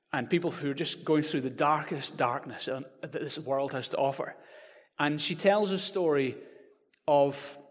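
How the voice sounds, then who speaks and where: A man preaching a sermon, animated and building to loud proclamations. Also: a little high. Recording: reverberant hall.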